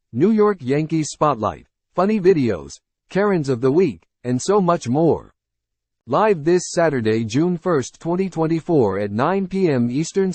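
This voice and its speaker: A man announcing an upcoming show episode in a lively promo style. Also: on the high side, no echo.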